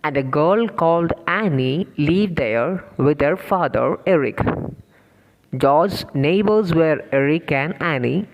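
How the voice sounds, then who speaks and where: A man teaching an English lesson. He explains the textbook slowly and carefully, speaking directly to his students. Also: fairly high pitch, big-room sound, low-quality recording.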